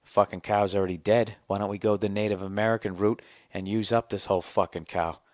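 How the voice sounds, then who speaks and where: A middle-aged man with a very deep voice rants through a comic podcast monologue, swearing freely and dripping with sarcasm. The sound is close and completely dry, with no room echo. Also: fairly even intonation, brisk, a little mellow. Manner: profane, ranting, sarcastic storyteller. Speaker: podcast host.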